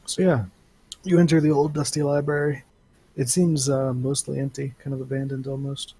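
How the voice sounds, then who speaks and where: Husky game master narrating. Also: male voice, medium pitch, little pitch movement, moderate pace, warm tone, low-quality recording. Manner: hesitant, filler-heavy narration.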